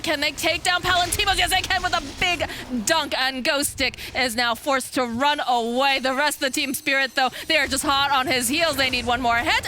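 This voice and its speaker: A woman giving energetic play-by-play commentary on an esports match, speeding up during fights. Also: very high voice, noisy background. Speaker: esports caster.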